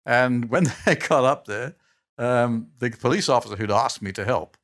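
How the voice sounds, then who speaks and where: An older man spins stories for an interviewer, breaking into chuckles and backing up mid-sentence to restart. His voice sits in an ordinary middle pitch for a man, and he talks casually. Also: moderate pace. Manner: animated, chuckling storyteller who trails off and restarts. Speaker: guest. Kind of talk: anecdotal storytelling in a casual interview.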